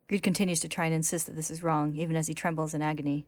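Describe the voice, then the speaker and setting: A woman narrating a story recap in a steady, plain retelling voice. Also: low-pitched, quick pace, few pauses, dry recording.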